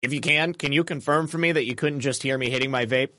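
A man hosting a casual livestream, chatty and animated as he comments and thanks viewers by name. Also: medium pitch, fast talker, dry recording, studio quality. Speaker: livestream host.

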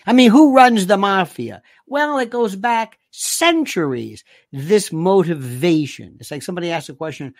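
A sarcastic commentary host tears into the subject of the rant, heaping up insults and rhetorical questions in a loose, rambling flow. The pitch sits in a middle range. The recording is dry and close, with no room sound. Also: lively intonation, normal speed, hardly any pauses, no room sound. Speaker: host reading viewer comments. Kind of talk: opinionated commentary monologue.

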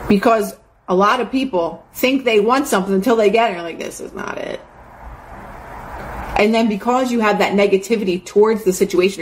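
A woman's voice: mid-range voice, slight background noise. A young adult woman giving an earnest, chatty motivational talk, full of fillers like "like". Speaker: host.

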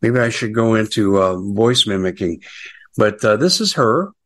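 A man's voice: on the low side, expressive, moderate pace. A middle-aged American man hosting a casual political commentary show, chatty and sarcastic with frequent asides.

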